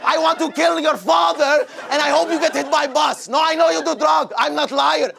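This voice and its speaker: A man doing a furious yelling shawarma shop boss. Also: very high voice, steady tone, moderate pace, vocal fry, pitched above the performer's own voice, exaggerated voice. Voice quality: broken-English yelling. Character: shouting middle-aged male shawarma shop owner, furious. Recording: live club with crowd laughter.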